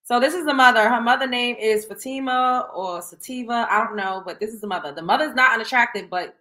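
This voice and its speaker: A woman hosting a casual reaction commentary show, talking in a blunt, profane, animated way. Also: a little high, brisk.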